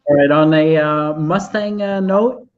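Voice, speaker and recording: A laid-back man co-hosts a live stream, talking slowly and passing on chat comments. His voice sits a little high. The audio is dull and lo-fi. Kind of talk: casual chat.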